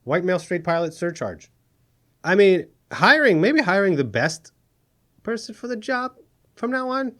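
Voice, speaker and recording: A man's voice: sits high, very animated, measured pace, fairly bright tone. A man hosting a satirical news show, sarcastic and exasperated, often laughing at his own jokes. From Middle East. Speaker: comedy news host.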